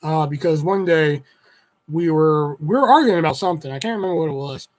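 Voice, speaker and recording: Young male streamer, slightly high voice, loose rambling storyteller who swears a lot. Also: a little fast, a little mellow, rough recording. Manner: swears freely, rambling retelling with many fillers. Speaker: livestreamer. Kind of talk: casual storytelling to a live chat.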